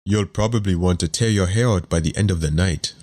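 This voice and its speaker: A man's voice: deep voice, a little fast, darkish tone. A man playing a dry, weary young nobleman. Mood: dry, glum. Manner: dry, understated. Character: weary young nobleman dreading family dinner.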